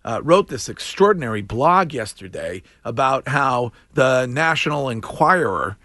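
A man hosts a casual radio chat, halting and filler-heavy, quick to laugh. His pitch is ordinary and middle. The recording is dry and close-miked. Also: sing-song, pushed and bright, no echo.

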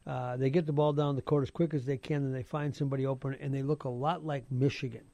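A man's voice: medium pitch, steady tone, fast talker, gravelly, mellow, no echo. A man talking sports on the radio in a casual, rambling way, repeating words as he goes. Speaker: sports analyst.

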